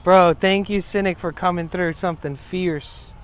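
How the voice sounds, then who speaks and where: A man's voice: high voice, fairly even intonation, moderate pace, smooth. A young man chatting casually on a live stream from a city street, loose and chatty and swearing freely. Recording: faint street noise behind.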